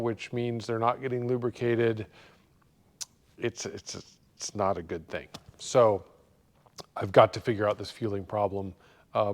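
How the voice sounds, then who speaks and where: A man hosting a car repair show, chatting casually and thinking aloud with lots of pauses in his shop. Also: medium pitch, big-room sound. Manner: rambling, relaxed, thinking aloud with many pauses. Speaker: host of a car repair channel. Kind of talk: casual talk to camera.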